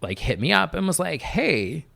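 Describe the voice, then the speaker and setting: A young music producer chats as a podcast guest in a casual interview, his voice fairly high, sing-song, creaky and sharp in tone at a moderate pace. He tells stories in a loose, filler-heavy way, saying "like" a lot.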